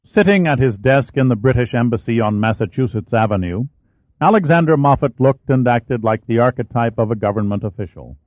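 A man's voice: mid-range voice, animated, a little fast, no echo. Man narrating an audiobook on a tinny line. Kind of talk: scripted narration. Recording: dry, tinny phone-like sound.

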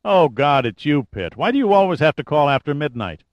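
A man reading an audiobook, voicing a groggy, grumbling male data technician with a raspy voice. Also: on the high side, animated, normal speed, dry recording, dull audio, pitched above the performer's own voice, lightly acted. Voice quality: raspy over a speakerphone.

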